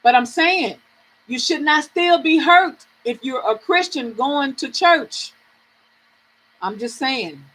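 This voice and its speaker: High-voiced frank woman chatting live. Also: slow, rough recording. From American South. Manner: frank, animated, swearing freely, laughing often. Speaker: live reading host. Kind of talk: casual live-stream chat with viewers.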